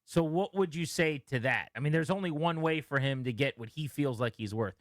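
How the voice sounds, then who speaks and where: A man's voice: on the high side, brisk, no echo. A man on sports talk radio with a slightly raised voice pushes back with pointed rhetorical questions. He presses his co-host and stumbles over repeated words as he argues. The recording is dry and close to the mic.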